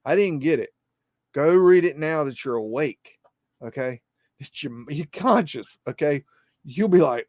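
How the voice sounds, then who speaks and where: A man's voice: a little high, expressive, unhurried, darkish tone, dry recording, clean studio sound. A man hosting a live podcast, talking in a rambling, repetitive way and swearing freely. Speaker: podcast host.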